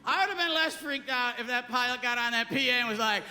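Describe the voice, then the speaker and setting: A man's voice: very high voice, fast. A man performing a stand-up comedy set on a stage before a live audience, with erratic, yelping outbursts. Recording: live hall with audience noise.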